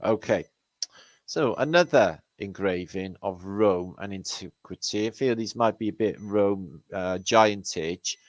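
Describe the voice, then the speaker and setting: Low-voiced, sarcastic British host. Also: male voice, a little slow, dry recording, poor audio. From Britain. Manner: sarcastic, profane, rambling. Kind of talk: casual commentary over pictures.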